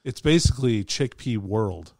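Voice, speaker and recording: A man's voice: on the low side, expressive, moderate pace, a little mellow, no room sound, studio quality. A man co-hosting a podcast in casual banter, teasing and mock-incredulous. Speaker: podcast co-host.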